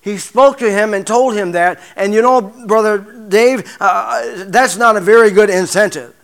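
A man preaching a sermon, halting often with repeated words and fillers, sometimes dropping to a hushed murmur. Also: high-pitched, gravelly. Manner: drops to a hushed murmur in prayer.

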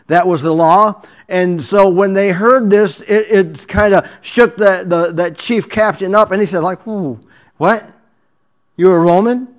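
A man with a fairly high voice preaches in a storytelling sermon style, acting out the dialogue of the scene. He talks in bursts with frequent restarts and repeated words. At times he sinks to a hushed, low delivery. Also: fairly even intonation, measured pace, few pauses. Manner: dramatic retelling with acted dialogue, frequent restarts.

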